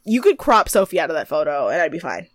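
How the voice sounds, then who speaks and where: A woman's voice: low-pitched, big pitch swings, fast, no echo. A woman co-hosting a podcast, chatting casually as she recaps a TV show, giggling often and acting out mocking impressions of the people she discusses. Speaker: podcast co-host.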